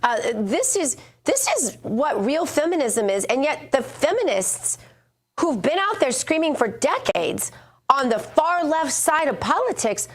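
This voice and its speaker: A woman co-hosting a morning political show, talking in an animated way with many fillers. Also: sits high, a little slow. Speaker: co-host. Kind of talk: opinionated morning-show talk.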